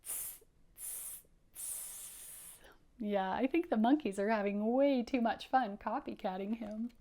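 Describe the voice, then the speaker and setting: A woman teacher reading a picture book aloud to young children, animated and encouraging, inviting them to repeat lines. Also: fairly high pitch, moderate pace. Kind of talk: children's story read-aloud lesson.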